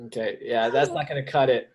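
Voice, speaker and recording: A man's voice: mid-range voice, fairly even intonation, fairly quick, slight background noise. A man running a tabletop game as game master, narrating in a laid-back way.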